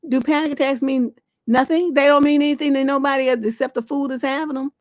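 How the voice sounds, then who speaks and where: Her voice sits high with a steady tone, and she talks fairly quickly with no room sound at all. As a relationship coach hosting a livestream, she answers viewers' letters in a blunt, scolding, foul-mouthed way.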